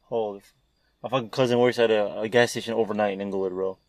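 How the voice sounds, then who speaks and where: A man's voice: lowish voice, steady tone, quick pace, dry recording. A young man telling rambling, profane stories in casual chat between friends. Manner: rambling, profane storytelling with slang.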